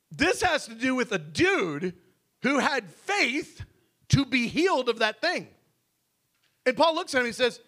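A male pastor preaching with a high, lively voice that leaps all over the place. He drops to low asides, then builds to shouted emphasis, and breaks into laughs mid-sentence. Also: slow, pauses often. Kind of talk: sermon.

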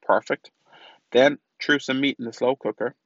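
A young man rambles through his day in a casual podcast monologue, poking fun at himself and swearing freely. His voice is mid-pitched and sits close to the mic in a dry space. The sound is a little dull and lo-fi. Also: fairly even intonation, normal speed, fairly bright tone, no echo. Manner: chatty, self-mocking, sweary storytelling. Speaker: podcast host. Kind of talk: casual diary-style monologue.

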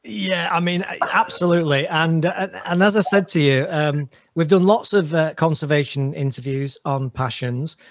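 A man's voice: fairly high pitch, normal speed, hardly any pauses, slight background noise. A man hosting a podcast interview, chatty and upbeat in a casual conversation. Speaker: podcast host.

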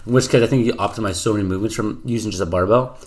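A man who works as a personal trainer, co-hosting a casual fitness podcast and talking loosely with lots of fillers and restarts. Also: lowish voice. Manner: fast, loose talk full of "like" and restarts.

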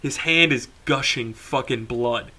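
Bright-voiced young man telling a story. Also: medium pitch, a little slow. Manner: animated, swears a lot, laughs while telling. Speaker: podcast co-host. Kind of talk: casual storytelling.

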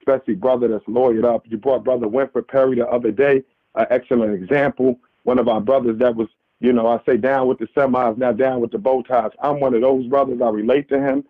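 A man's voice: medium pitch, steady tone, a little fast, dry recording. A man calling in to a radio show, speaking earnestly with a preachy manner and many restarts. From New York. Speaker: caller. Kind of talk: impassioned call-in commentary. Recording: tinny phone line.

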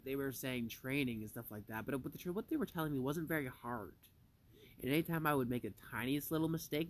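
Profane young man ranting to his viewers. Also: medium pitch. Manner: profane, rambling, heated storytelling. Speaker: vlogger. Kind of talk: casual rant to viewers. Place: at home.

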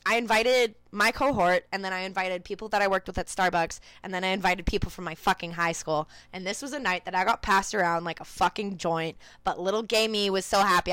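A young woman, telling stories fast and swearing freely as a podcast guest over a video call. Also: medium pitch, bright, forceful tone, clean tone, no room sound. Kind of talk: casual storytelling chat.

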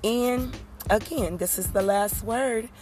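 A woman's voice: on the high side, slow, darkish tone, soft background music. Chatty woman hosting a solo podcast. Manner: conversational, rhetorical asides like "you understand?". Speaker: podcast host. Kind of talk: casual solo podcast monologue.

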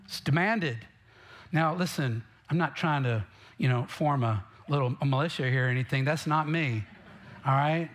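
A man's voice: medium pitch, moderate pace. A man preaching a sermon as pastor, emphatic and direct, often asking the congregation questions.

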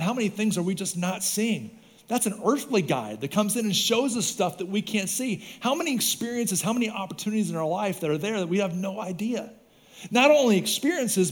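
A man preaching a sermon as pastor, in a casual, animated storytelling way, with lots of "like" and "right?". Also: sits high. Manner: animated storytelling with voiced quotes; casual, says "like" and "right?" often.

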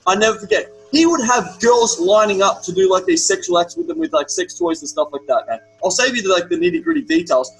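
A young Australian man in casual chat, telling an animated story with lots of swearing. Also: sits high, fast, gravelly, few pauses, a little hiss or hum, low-quality recording. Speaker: podcast guest.

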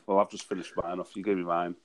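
A man's voice: deep voice, big pitch swings, brisk, gravelly. A man co-hosting a casual chat, laughing and swearing freely over a remote call. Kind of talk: casual banter. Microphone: remote call with headphones.

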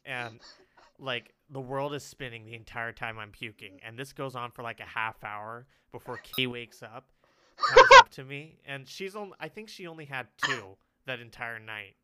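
A man's voice: medium pitch, moderate pace, pushed and bright, clear, resonant tone. A young man telling a story in casual chat, rambling with lots of fillers and laughing often.

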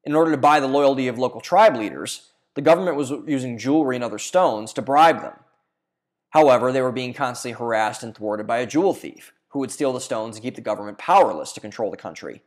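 A man's voice: medium pitch, animated, fast talker. A man narrating a scripted video essay in an earnest reading manner, now and then stumbling and restarting a phrase.

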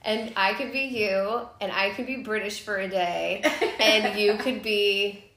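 A woman's voice: medium pitch, fairly even intonation, unhurried, a bit bright, reverberant. A woman co-hosting a podcast in a playful, giggly, rambling casual chat. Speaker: podcast co-host.

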